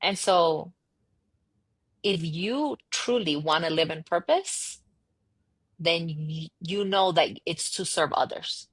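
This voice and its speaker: A woman speaks as a podcast guest in a husky, slightly breathy voice, recorded close and dry. She talks in a lively, emphatic way, slipping into quoted dialogue and doubling back on her words to drive a point home. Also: on the low side, slow pace, long pauses, dry recording. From United States, daughter of immigrants. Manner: animated storyteller, acts out quoted dialogue, emphatic repetitions. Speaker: podcast guest, marketing entrepreneur. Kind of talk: casual conversational interview.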